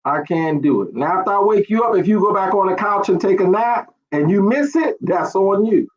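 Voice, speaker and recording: Fiery pastor with a lo-fi sound. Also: male voice, high-pitched, animated, brisk. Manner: rhetorical questions, repeats phrases, chuckles while preaching. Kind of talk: online sermon teaching. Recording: dull lo-fi stream audio.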